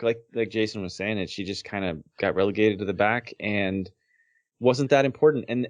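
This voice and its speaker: Male podcast co-host, mid-pitched, casual and thoughtful, talks in halting restarts. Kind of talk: casual chat.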